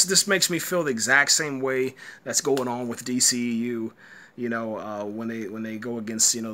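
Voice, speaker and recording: A man's voice: medium pitch, bright, forceful tone. A man giving a live, rambling reaction rant, frustrated and full of fillers like "man". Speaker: boxing commentator host.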